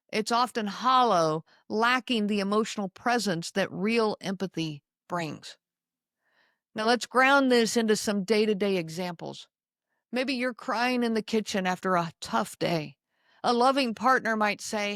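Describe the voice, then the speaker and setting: A woman's voice: medium pitch, a bit bright, no room sound. Emphatic woman podcast host, dry sound. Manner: slow, emphatic and deliberate, repeating key lines. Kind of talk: solo talk to listeners.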